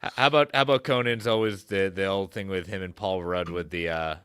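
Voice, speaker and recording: Casting note: man, low voice, dry close sound, halting co-host on a stream. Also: steady tone, a bit bright, smooth, no room sound. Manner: halting, stumbles before getting the point out. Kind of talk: casual chat.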